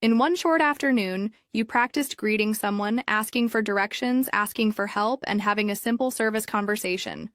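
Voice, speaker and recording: Calm clear woman narrating an English lesson. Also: medium pitch, moderate pace, hardly any pauses, no room sound, clean studio sound. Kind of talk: scripted narration.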